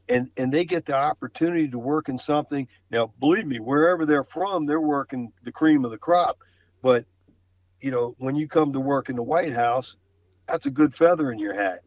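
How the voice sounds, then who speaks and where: A man's voice: medium pitch, normal speed, no echo, muffled recording. Enthusiastic man with many restarts. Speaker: flooring contractor guest. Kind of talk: casual podcast conversation.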